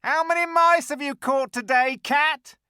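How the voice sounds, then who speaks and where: A man reading an audiobook, voicing a cruel mob of hags and beasts with high, mocking, taunting cries. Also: expressive, takes it slowly, bright, forceful tone, clear, resonant tone, no echo, clean studio sound, full character voice. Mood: jeering. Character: jeering mob of hags, dwarfs and apes. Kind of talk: audiobook character voice.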